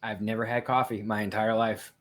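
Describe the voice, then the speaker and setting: A man's voice: fairly low pitch, little pitch movement, a little fast, slight background noise. A man co-hosting a casual live movie commentary, rambling and swearing freely as he loses and finds his train of thought. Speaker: co-host.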